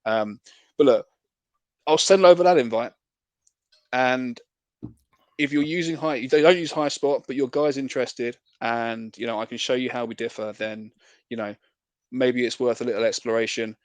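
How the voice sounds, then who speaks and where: A man's voice: mid-range voice, moderate pace, pauses often, dry recording. A man with an English accent, a salesman talking in a friendly, persuasive way with many fillers over a video call. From England. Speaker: sales rep on a practice cold call. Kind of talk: casual sales chat.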